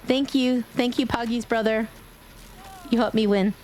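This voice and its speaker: A woman's voice: fairly high pitch, fairly even intonation, normal speed, darkish tone. A woman streamer from Brooklyn with a faded New York accent, chatting casually during a game stream. She is playful and giggly and swears freely. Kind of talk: casual gaming livestream chat.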